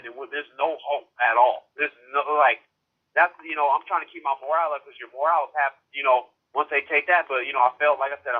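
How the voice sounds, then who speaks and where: Young man, twenties, caller, fast talker, heated, swearing, upset, phone-line sound. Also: fairly high pitch. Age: 20s. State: upset, near tears. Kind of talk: emotional call-in rant.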